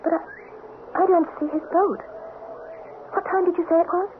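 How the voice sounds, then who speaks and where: Brief: high-voiced countess, emotional, tinny hissy old radio broadcast. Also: female voice, fairly even intonation, moderate pace. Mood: anxious. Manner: breathless, emotional. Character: secretive, romantic young noblewoman. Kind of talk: 1970s radio drama acting.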